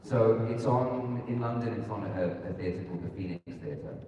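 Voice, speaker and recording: Low-voiced guy rambling on a con panel, big hall echo, crowd noise behind. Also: normal speed, warm tone, highs cut off. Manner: rambling, candid, laughs often. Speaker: convention panel guest. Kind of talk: live panel conversation. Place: large convention hall. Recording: echoey hall recorded from far off.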